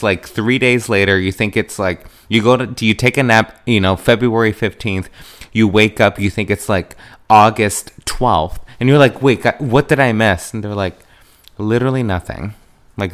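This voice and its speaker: A young man hosts a podcast in loose, rambling chat. His voice sits fairly low, but he often jumps into high, excited tones when he quotes himself. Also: clear, resonant tone. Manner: chatty, animated, leaps into a high excited voice when quoting himself. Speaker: podcast host. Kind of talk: casual chat.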